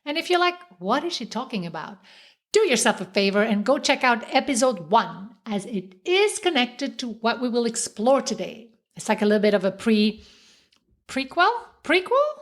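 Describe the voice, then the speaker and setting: A woman with a Swiss French accent hosts a motivational podcast in a slightly high voice. Her delivery is playful and warmly encouraging. She often stretches out key words for dramatic emphasis. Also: expressive, normal speed. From French-speaking Switzerland. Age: middle-aged. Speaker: podcast host.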